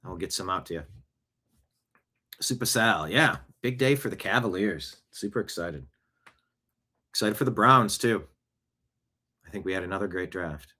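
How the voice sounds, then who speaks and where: A man's voice: low-pitched, expressive, normal speed, pauses often, sharp tone, slight background noise. A man hosting a show, chatting casually and animatedly through personal stories. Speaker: show host. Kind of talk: casual storytelling monologue.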